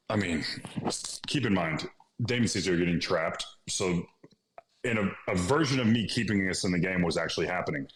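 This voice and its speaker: A deep-voiced man in his thirties, from Illinois, sits as a guest and tells a story in a casual, animated way. He acts out bits of dialogue and laughs easily, and the room around him rings with echo. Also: slight background noise. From Illinois, USA. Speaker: podcast guest. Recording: echoey room.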